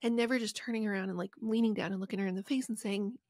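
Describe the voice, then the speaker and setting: A middle-aged woman from rural West Virginia speaks as a podcast guest, reflective and heartfelt, with sighs as she tells her story. Her voice sits at an everyday pitch for a woman. The recording is dry and close, with no room sound. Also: steady tone, racing, darkish tone, dry recording. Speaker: guest author.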